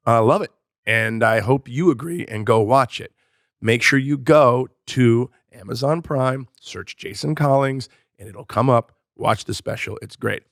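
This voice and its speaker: A man's voice: mid-range voice, creaky, dry recording, clean studio sound. A man, a comedian co-hosting a podcast, telling a loose, profane story in casual chat.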